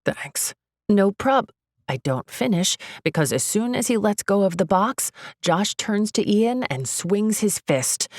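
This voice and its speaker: A young woman narrating a first-person romance audiobook, expressive, jumping up in pitch for her character's outbursts. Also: unhurried, few pauses, no room sound, clean studio sound.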